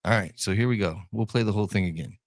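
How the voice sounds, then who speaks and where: Low-voiced joking man from Ohio. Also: fast talker, no room sound, clean studio sound. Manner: joking, laughs often, repeats words. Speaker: podcast co-host. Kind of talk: casual chat.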